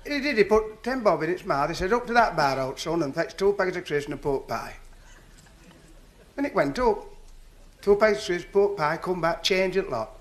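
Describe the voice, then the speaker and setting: A Northern English stand-up comedian telling jokes in a chatty, folksy way. His voice sits high and swings widely in pitch as he rattles through the story. He keeps coming back to friendly dialect turns of phrase. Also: animated, normal speed.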